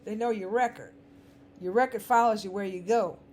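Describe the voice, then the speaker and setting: A woman's voice: mid-range voice, moderate pace, darkish tone. A woman with a dry, scratchy voice giving an emphatic, sarcastic commentary monologue, repeating words for stress. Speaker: vlogger.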